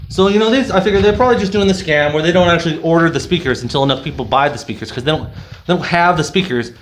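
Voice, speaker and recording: A man's voice: a little high, fast talker, slight background noise. A man reviewing a product in a casual, rambling, sarcastic rant full of fillers. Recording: roomy echo.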